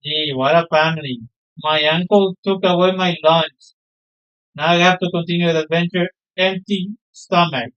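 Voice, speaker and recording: A man streaming a game, joking casually with his viewers. His voice sits fairly high, smooth and clear. The audio is dull and lo-fi. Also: steady tone, normal speed, fairly bright tone. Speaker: gaming streamer.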